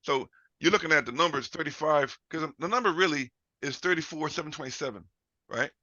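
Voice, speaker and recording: A man leads a live trading lesson in a sharp, forceful voice that sits a little high. He swears freely and keeps pressing his listeners with questions. The audio is dry and dull, like a lo-fi mic. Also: a little fast, dry recording. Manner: loud, profane, keeps asking the audience questions. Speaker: trading instructor.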